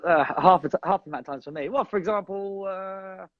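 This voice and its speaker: A man's voice: sits high, moderate pace, no room sound, highs cut off. A man asking questions and chatting casually, laughing along, on a live video call. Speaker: guest on a live stream. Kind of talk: casual chat.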